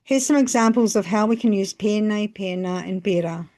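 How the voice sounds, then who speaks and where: A woman narrating a scripted language lesson, phrasing each example slowly and carefully. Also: medium pitch, warm tone. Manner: slow, careful phrasing with pauses between examples. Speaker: language teacher.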